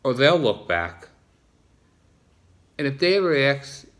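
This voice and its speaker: A man's voice: mid-range voice, big pitch swings, slow, a bit bright. A man with a New Jersey accent talking in a casual, rambling vlog monologue, often restarting and repeating himself. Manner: repetitive, frequent restarts. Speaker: vlogger.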